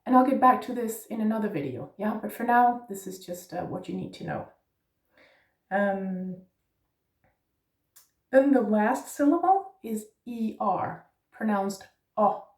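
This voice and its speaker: A woman's voice: mid-range voice, expressive, measured pace, pauses often, a little mellow, echoey room, recorded from a distance. A woman teaching Danish pronunciation, patiently spelling out letters and checking in with "yeah?". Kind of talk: pronunciation lesson.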